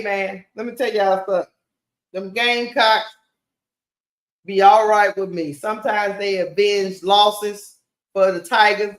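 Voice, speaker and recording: Woman calling a game live on her stream, laid-back slow delivery, talks to chat a lot, echoey room. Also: medium pitch. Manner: animated, casual, keeps calling out to viewers as y'all. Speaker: sports stream host. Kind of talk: live play-by-play watch-party commentary. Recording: roomy echo.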